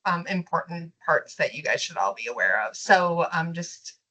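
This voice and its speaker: A woman with a low voice presents school meal programs in an online meeting. She explains each program in a friendly, steady way, with an occasional filler. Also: normal speed, poor audio. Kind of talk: webinar presentation.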